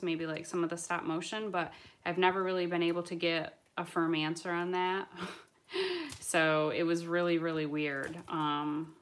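A woman hosting a live-stream toy unboxing. She chats excitably and answers viewer comments as she opens toys. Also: on the low side. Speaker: toy channel host. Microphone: camera mic on live stream.

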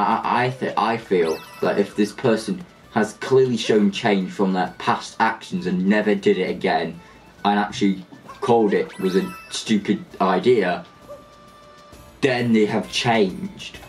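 A young man chatting casually over a game he is playing, rambling and restarting his sentences, with game music underneath. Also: fairly low pitch. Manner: rambling, chatty, with frequent restarts and jokey asides. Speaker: gaming channel host. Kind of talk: casual let's play commentary.

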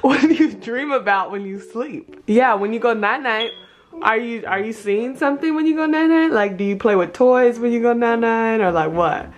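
A woman's voice: on the high side, normal speed. A woman in her twenties with a sing-song, coaxing manner, laughing often while she asks her toddler playful questions. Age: 20s. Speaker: vlogger interviewing her toddler. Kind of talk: playful casual chat.

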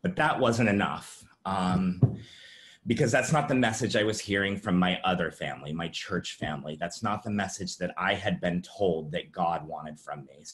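Man, low voice, halting and filler-heavy, telling his own story at an online summit. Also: fairly bright tone. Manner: halting, many fillers and restarts. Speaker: presenter sharing his story. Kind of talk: personal testimony talk. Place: virtual summit presentation.

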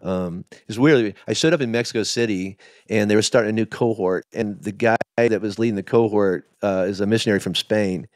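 A middle-aged man, a pastor, telling his story in a candid interview, halting with many restarts. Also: lowish voice, dry recording, studio quality. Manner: emotional, halting, with many restarts and quoted asides. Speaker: lead pastor.

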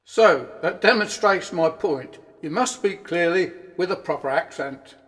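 Deadpan high-voiced male narrator. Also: measured pace, noisy background.

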